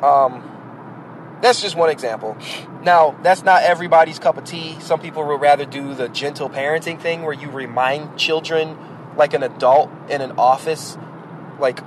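The recording is rough, with a little hiss or hum, and the man's voice is on the high side, animated and moderately paced. A parent and podcast host, he gives a casual, opinionated, lengthy monologue about raising kids, blunt and rhetorical, speaking right to the listener.

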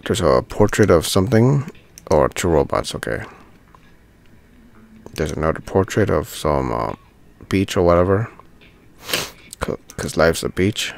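A man's voice: low voice, big pitch swings, measured pace, gravelly, long pauses. A man giving casual commentary while playing a video game, thinking aloud and easily delighted by small things. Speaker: gaming channel host.

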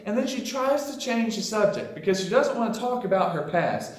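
A man's voice: high voice, expressive, brisk, few pauses. A man teaching a Sunday school lesson, retelling a scripture story in a casual way and putting on voices for the people in it. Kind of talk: sermon storytelling. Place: church. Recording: echoey room.

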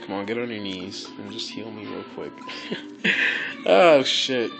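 A man giving casual, excitable gameplay commentary, swearing, laughing and repeating phrases. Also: fairly low pitch, slow pace, creaky, music in the background, poor audio.

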